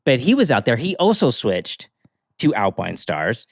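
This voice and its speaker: A man co-hosting a podcast in casual chat, an animated storyteller who often quotes other people. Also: mid-range voice, measured pace, gravelly, no room sound, clean studio sound. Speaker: podcast co-host.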